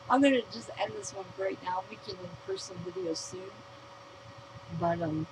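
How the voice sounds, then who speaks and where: An outspoken American woman reads her own written rant aloud to the camera, blunt and heavy on swearing, at a middling pitch for a woman. A clear hum of vehicle noise runs under the whole noisy recording. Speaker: vlogger.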